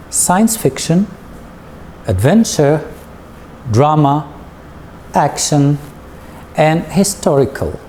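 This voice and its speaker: This recorded classroom lesson moves slowly as a man teaches English, patiently drawing things out and putting questions to his students. His voice is fairly high and warm, and there's slight background noise.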